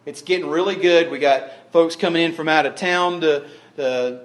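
A pastor with a slightly high voice preaches at normal speed in a folksy style, repeating phrases for emphasis. He swings between hushed tones and loud declarations.

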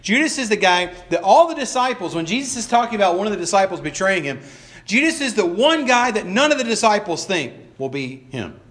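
A man's voice: high-pitched, very animated, a little fast, a bit bright. A male pastor preaching a sermon in a conversational way, often restarting phrases and acting out the quoted lines of the people he talks about. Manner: acts out quoted lines in voices.

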